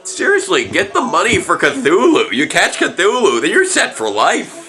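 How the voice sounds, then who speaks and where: Animated man in bright banter. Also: high-pitched, soft background music. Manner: animated, quick, casual banter with fillers. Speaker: co-host reacting to a TV episode. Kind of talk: casual chat over a playing episode.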